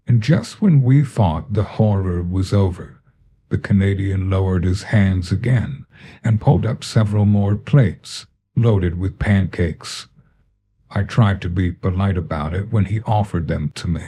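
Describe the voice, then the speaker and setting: A man narrating a first-person horror story in a deadpan, measured way. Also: sits low, slight background noise.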